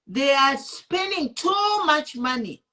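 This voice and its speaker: Zambian lady ranting on her online show, bright forceful voice, switches english and bemba. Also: high-pitched, animated, slow. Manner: indignant, mixing English with Bemba. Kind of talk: impassioned political commentary.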